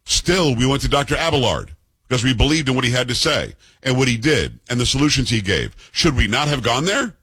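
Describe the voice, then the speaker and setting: A man's voice: mid-range voice, big pitch swings, a little fast, fairly bright tone, slightly rough, no room sound. A man in his fifties hosting a political commentary show, combative and sarcastic, firing off rhetorical questions. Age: 50s.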